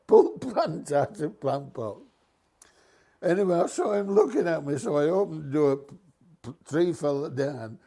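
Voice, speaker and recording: A man's voice: mid-range voice, gravelly. Older man spinning a yarn. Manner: lively, mischievous storyteller, dialect grammar. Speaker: former bus driver telling a story. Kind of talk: casual anecdote.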